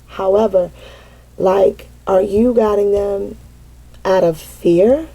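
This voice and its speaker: A middle-aged mother telling a candid, casual personal story, animated and peppered with cursing. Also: medium pitch, takes it slowly, low-quality recording. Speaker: mother sharing parenting experience.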